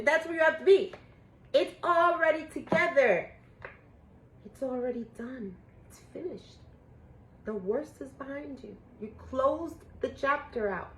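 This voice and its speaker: A woman doing a casual spiritual tarot reading for her viewers, emotional and a little profane, swinging between excited outbursts and hushed awe. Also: sits high, a little hiss or hum, low-quality recording. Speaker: tarot reader.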